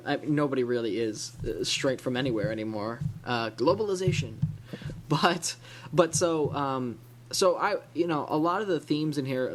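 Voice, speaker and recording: A man from the Illinois-Wisconsin area of the USA hosting a casual comic book podcast, rambling with many restarts and fillers. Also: medium pitch. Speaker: podcast host.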